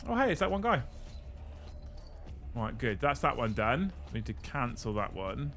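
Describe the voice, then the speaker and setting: A young British man hosting a live stream, excitable and swearing casually as he runs giveaways. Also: medium pitch, normal speed, soft background music. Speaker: livestream host.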